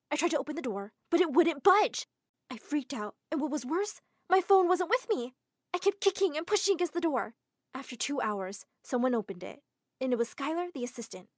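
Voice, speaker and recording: A woman narrating a first-person animated drama story in a dramatic, exclaiming manner. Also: a little high, no room sound, clean studio sound. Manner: dramatic, exclaiming, quick shifts to emotional outbursts.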